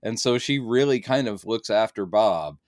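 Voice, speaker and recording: A man's voice: fairly low pitch, expressive, moderate pace, a little mellow, no room sound, clean studio sound. A man in a casual movie review chat, talking loosely and acting out characters' lines in playful voices. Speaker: film reviewer.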